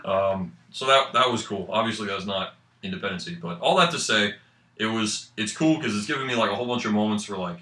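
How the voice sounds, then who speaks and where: A man's voice: fairly low pitch, fairly quick. A young man from New Hampshire with a New England accent, a student guest rambling through stories in casual radio chat. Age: young adult. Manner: rambling, animated storyteller with filler likes. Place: college radio studio. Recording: roomy, distant mic.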